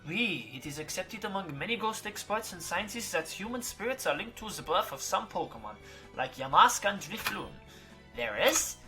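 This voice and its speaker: Gamer doing a theatrical French lady teacher, fake French accent, high bright voice, faint music behind. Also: animated. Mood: musing. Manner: theatrical, dramatic pauses. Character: flamboyant French woman ghost-class teacher.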